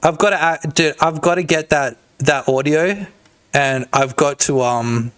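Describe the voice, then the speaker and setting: Excitable, swearing male game-dev streamer. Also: on the high side, unhurried, clear, resonant tone. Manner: excitable, profane, rambling. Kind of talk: casual livestream chat.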